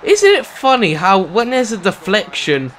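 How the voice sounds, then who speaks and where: A young British man giving gameplay commentary on a football video game, excitable and sarcastic, shouting at goals. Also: sits high, unhurried, a little hiss or hum. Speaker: gaming commentator.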